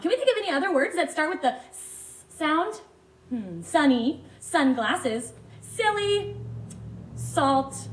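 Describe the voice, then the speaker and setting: A kindergarten teacher with a high voice takes her time, stretching out letter sounds and inviting little ones to read with her. She has a Hawaiian English accent. The recording has a noticeable echo of the room. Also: lively intonation. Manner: slow, stretched-out sounds, read-along prompts. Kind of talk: recorded phonics lesson for young children.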